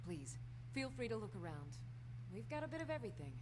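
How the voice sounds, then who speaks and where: An actress voicing a welcoming shopkeeper in a fantasy video game, with friendly sales patter. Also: female voice, a little high, big pitch swings, a little fast, noisy background.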